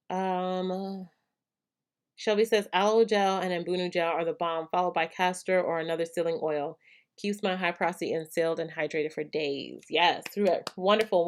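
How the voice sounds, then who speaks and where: A young adult woman from El Paso, Texas, hosting a hair care live stream, reading viewer comments and answering in a chatty way, with many ums. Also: fairly low pitch. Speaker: hair care channel host.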